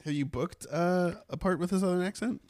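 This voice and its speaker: A man's voice: high-pitched, a little fast, darkish tone, no echo, studio quality. A man co-hosting a podcast in casual, joking chat. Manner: joking, playful. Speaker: podcast co-host.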